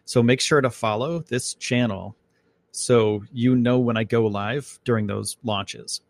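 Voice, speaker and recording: Gravelly man rambling on a podcast. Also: medium pitch, a little slow, dry recording. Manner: rambling, loose and chatty with many fillers. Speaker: podcast host. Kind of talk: casual live podcast chat.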